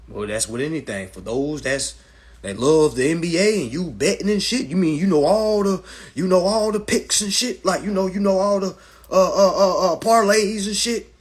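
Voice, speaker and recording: A man hosting a casual phone livestream, talking in a brash, profane, animated way and slipping into mocking voices. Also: fairly high pitch. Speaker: livestream host giving legal advice.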